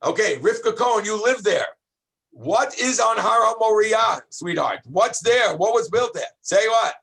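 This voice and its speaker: A man, a rabbi, teaching a high school class in an animated, exclamatory way, calling on students by name and shouting at times for emphasis. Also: unhurried, vocal fry, breathy edge. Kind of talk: lively classroom lesson.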